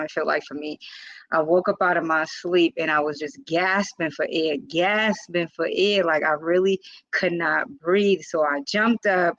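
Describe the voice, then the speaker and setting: A woman's voice: on the low side, fairly bright tone, no room sound. A woman vlogger telling a personal story in a casual, earnest way, with lots of informal fillers. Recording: slightly dull, dry lo-fi recording.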